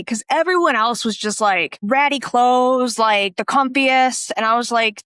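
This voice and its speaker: A woman's voice: fairly high pitch, unhurried, few pauses, smooth, no echo. Woman telling a story, dry close sound. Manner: animated storytelling, acts out quoted voices. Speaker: podcast co-host. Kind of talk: casual conversation.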